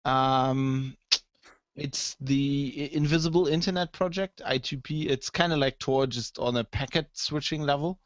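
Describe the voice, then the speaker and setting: A man co-hosting a casual tech podcast, an animated storyteller who swears and acts out the people he quotes. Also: medium pitch, a little slow, no echo. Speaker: podcast co-host. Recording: dull, dry lo-fi sound.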